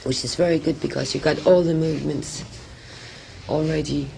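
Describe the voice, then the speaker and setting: Woman, actress, gravelly voice, halting, faint tape hiss. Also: sits low, fairly even intonation, dark tone. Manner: halting, searching for words, many restarts. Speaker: actress and director, interview guest. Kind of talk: casual interview talk.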